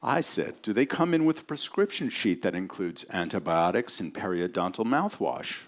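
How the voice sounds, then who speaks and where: A man introducing a friend and then reading his story aloud to a live audience, in a relaxed, conversational and dry way. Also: deep voice, normal speed.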